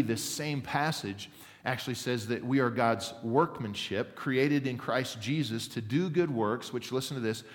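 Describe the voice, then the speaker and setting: A man preaching a sermon as pastor, earnest and building emphasis as he tells a story. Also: medium pitch. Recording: reverberant hall.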